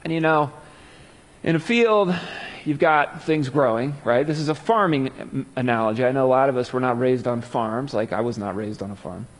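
A man giving a conversational Bible teaching, casual in his asides and animated when he reads scripture aloud. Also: mid-range voice, moderate pace. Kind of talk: conversational sermon. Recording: long hall reverb.

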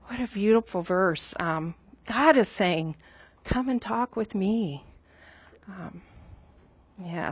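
A woman's voice: mid-range voice, no room sound. A woman in her fifties teaching a Bible study in a conversational way, mixing scripture with everyday stories. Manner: conversational, with everyday anecdotes and filler ums.

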